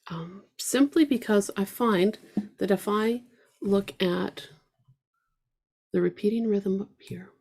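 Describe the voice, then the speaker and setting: A woman runs an online group ukulele lesson, counting beats out loud and chatting with her students while ukulele plays in the background. Her mid-range voice is creaky and darkish, and she speaks slowly with long pauses.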